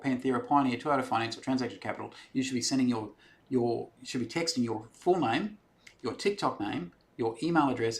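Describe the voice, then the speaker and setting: This Australian live streamer has a creaky mid-range voice. He chats casually and rambles amiably, reading out comments from viewers and answering what they ask.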